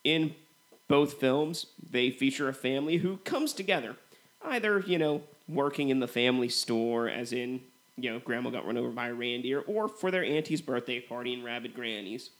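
A man's voice: medium pitch, normal speed. Laid-back man co-hosting a movie podcast. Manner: relaxed, filler-heavy comparisons with "you know". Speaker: podcast co-host. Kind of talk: casual movie review chat.

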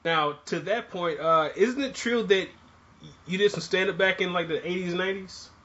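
A man with a somewhat higher voice asks his guest casual, curious questions and swears offhand. The audio is dull and lo-fi. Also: normal speed, bright, forceful tone. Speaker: interviewer, podcast host. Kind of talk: casual interview.

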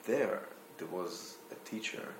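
A man's voice: sits low, slow, echoey room, noisy background. A young man from Israel with an Israeli accent, a guest musician talking casually and thoughtfully, sometimes searching for words. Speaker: guest violinist. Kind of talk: casual interview talk.

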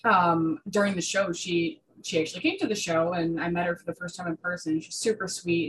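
Young female guest, lower voice, chatty, excitable, many "um"s and restarts. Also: a little fast, hardly any pauses, a little hiss or hum, low-quality recording. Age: young adult. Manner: chatty, full of fillers and restarts; enthusiastic about reptiles. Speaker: guest artist. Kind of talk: casual interview chat.

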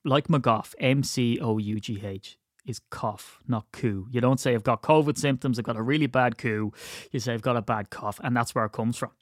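A man's voice: medium pitch, normal speed, hardly any pauses, dry recording, clean studio sound. A man, hosting a casual solo podcast in a rambling, playful way and now and then putting on voices. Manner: rambling, playful storyteller who breaks into put-on voices. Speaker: podcast host.

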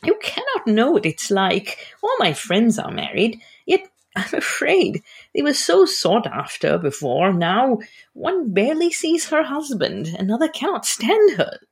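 A woman's voice: fairly high pitch, wildly swooping pitch, measured pace, breathy edge, voice pushed up, full character voice. A woman voicing a sheltered, earnest young lady of genteel society as she reads aloud from a historical novel. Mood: confiding.

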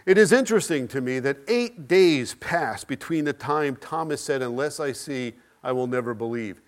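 A man preaching a sermon, building with repeated phrases, rhetorical questions and dramatic pauses. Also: medium pitch.

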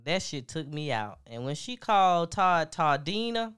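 A woman's voice: low voice, sing-song, a little slow, a bit bright, clear, resonant tone. A woman hosting a podcast with casual gossip commentary, laughing often, swearing freely and talking to her listeners directly. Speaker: podcast host.

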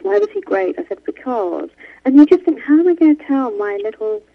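A woman's voice: sits high, very animated, fairly quick, creaky, phone-quality sound. A woman author, speaking in an interview from London and talking with many restarts and asides. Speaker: author guest. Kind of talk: remote interview conversation. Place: home in London.

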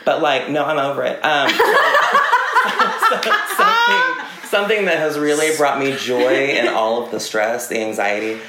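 A young man chatting as a podcast guest, telling animated stories with lots of fillers and laughs. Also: fairly high pitch, measured pace, heavy background noise. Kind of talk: casual chat. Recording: roomy echo.

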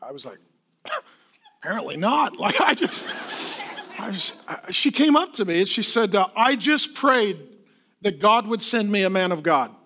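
A middle-aged male pastor preaching a sermon, telling a funny personal story in an animated, self-deprecating way. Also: high-pitched, normal speed, pauses often.

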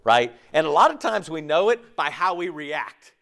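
A man's voice: a little high, sing-song, normal speed, gravelly, a bit bright. A pastor preaching a conversational sermon, acting out quoted voices as he goes.

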